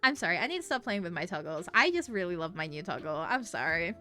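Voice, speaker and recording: A woman's voice: on the low side, very animated, fast talker, bright, forceful tone, faint music behind. A woman streamer chatting casually, giggling often and swearing freely.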